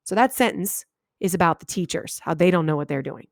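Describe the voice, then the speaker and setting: A woman teacher giving a video lesson to her students, talking animatedly and reading example sentences aloud with big exaggerated pauses. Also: on the low side, no room sound, clean studio sound. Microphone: webcam microphone.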